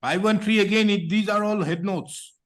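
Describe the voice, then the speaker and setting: A man's voice: sits high, fairly even intonation, moderate pace, a bit bright. A man with an Indian English accent presiding as a judge, stern and impatient as he lectures counsel in a courtroom hearing. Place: courtroom, on a video hearing feed.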